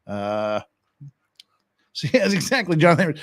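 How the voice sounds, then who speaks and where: A man's voice: a little high, sing-song, takes it slowly, pauses often, breathy edge. A man hosting a live stream, reading viewer messages and making joking, rambling asides. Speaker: streamer reacting to hearings. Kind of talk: casual live-stream commentary.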